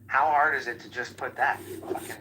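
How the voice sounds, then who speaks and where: A man's voice: medium pitch, fairly even intonation, moderate pace, sharp tone, a little hiss or hum, rough recording. A man on a podcast telling a frustrated, profane story in a casual way. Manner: grumbling, profane complaining. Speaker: podcast co-host.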